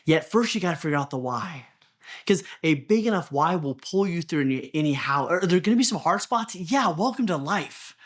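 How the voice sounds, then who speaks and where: A man's voice: a little high, expressive, fairly quick. A man coaching real estate agents in a motivational talk, earnest, often repeating words and asking the listener questions. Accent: Texan. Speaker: business coach.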